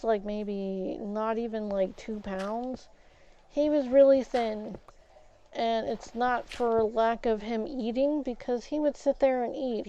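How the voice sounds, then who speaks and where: A woman streaming a game while telling a story in a casual way, getting loud and worked up as she recounts an argument and swapping curse words for "flip". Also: on the high side, clean tone, lo-fi sound. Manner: animated, gets loud and agitated retelling a confrontation, swaps curses for "flip".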